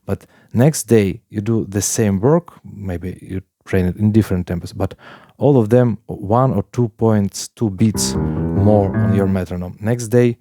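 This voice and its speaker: A man teaching a piano lesson in plain talk, with halting phrasing, counting beats aloud while he plays. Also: fairly low pitch. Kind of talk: casual piano tutorial. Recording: piano playing loudly alongside.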